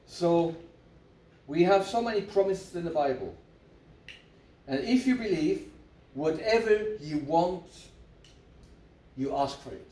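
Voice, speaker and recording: A man's voice: fairly high pitch, expressive, slow, pauses often, mellow. A man preaching a sermon, repeating his points for emphasis and leading the congregation in call-and-response. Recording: echoey room, mic at a distance.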